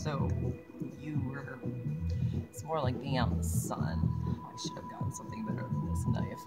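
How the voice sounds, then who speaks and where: Brief: young woman vlogger, slightly low voice, loose and chatty, laughs a lot and swears freely, with loud music under her talk. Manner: chatty, swears, laughs often, self-mocking. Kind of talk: casual chat while crafting. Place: outdoors on a mountain. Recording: loud music playing behind.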